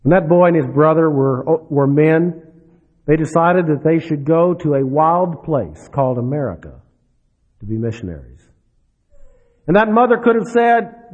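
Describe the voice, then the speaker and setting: A man preaching a sermon, dropping low and soft then rising for emphasis. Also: expressive, moderate pace. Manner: dramatic, swings between soft drops and rising emphasis. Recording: dull lo-fi recording.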